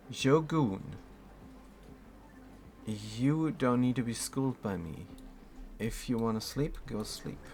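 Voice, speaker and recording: Slow, low-voiced German man streaming. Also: vocal fry, darkish tone. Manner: laid-back, reads chat aloud, chuckles often. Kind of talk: casual gameplay commentary.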